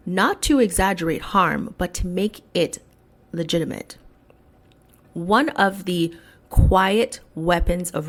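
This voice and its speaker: A woman hosting a solo podcast, speaking in an emphatic commentary style and slowing down to stress key words. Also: lowish voice. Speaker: podcast host.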